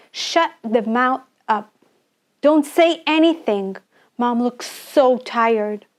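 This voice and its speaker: Slow, high woman storyteller. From Iran. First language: Persian. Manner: halting, fearful, speaking as her child self. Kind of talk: dramatic first-person monologue.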